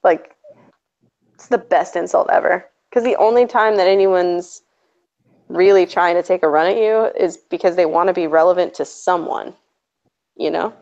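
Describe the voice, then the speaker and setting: A woman's voice: on the low side, moderate pace, gravelly, darkish tone. A woman hosting a stream in casual chat, sarcastic and chatty, laughing often. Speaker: stream host. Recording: dull lo-fi audio.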